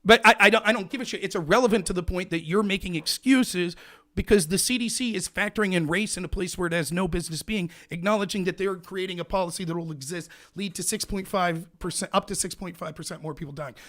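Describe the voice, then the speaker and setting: Loud, fast-talking male host. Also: high-pitched. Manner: loud, passionate, repetitive hectoring questions. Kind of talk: heated call-in debate.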